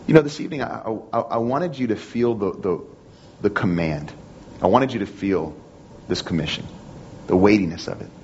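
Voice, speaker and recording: A man's voice: lowish voice, moderate pace, darkish tone, lo-fi sound, slight background noise. A man preaching a sermon in an earnest manner, repeating phrases and restarting often. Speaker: pastor.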